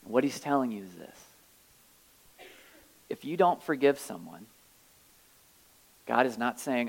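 A man's voice: mid-range voice, animated, takes it slowly, vocal fry, long pauses, low-quality recording. A man preaching a sermon, reading scripture aloud and explaining it in a conversational way with wry asides. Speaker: pastor.

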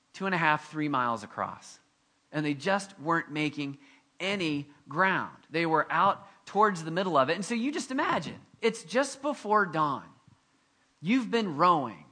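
Guy preaching a sermon, chatty and lively, kinda high bright voice. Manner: conversational and animated, with self-deprecating asides. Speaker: pastor.

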